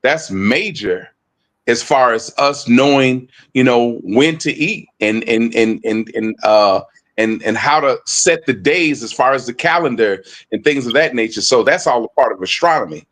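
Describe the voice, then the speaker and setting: A man co-presenting a casual online discussion, talking haltingly with many fillers and restarts, speaking on a phone. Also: medium pitch, animated, a bit bright.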